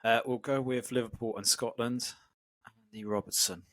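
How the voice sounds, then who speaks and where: A man's voice: medium pitch, fairly even intonation, normal speed, a bit bright, dry recording. A man co-hosting a football podcast, easygoing in casual chat and reading out the fixtures. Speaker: podcast co-host.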